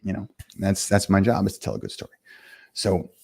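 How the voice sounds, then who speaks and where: Gravelly, fast-talking man. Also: deep voice, fairly even intonation, darkish tone. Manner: fast, rambling, full of fillers and restarts; self-assured, blunt. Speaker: livestream host and game company owner. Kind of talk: casual livestream chat answering comments.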